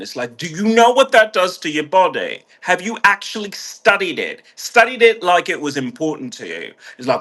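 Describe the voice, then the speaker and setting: A man's voice: a little high, big pitch swings, normal speed, few pauses, bright, forceful tone. A man delivering a heated, sardonic monologue full of swearing, speaking as a vlogger. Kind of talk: ranting monologue.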